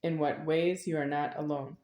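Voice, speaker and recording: A woman with a deep, low-pitched voice talks on in a meandering, repetitive monologue. She sounds middle-aged. The recording rings with the echo of a bare room. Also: fairly even intonation, normal speed, mellow. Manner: meandering, repetitive, with sudden laughs. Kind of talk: rambling spoken monologue. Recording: echoey room.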